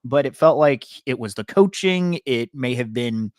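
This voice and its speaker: A man's voice: medium pitch, animated, normal speed, darkish tone, no room sound, studio quality. British-born man in casual sports chat. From Britain. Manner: rambling, self-correcting opinions. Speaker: podcast co-host.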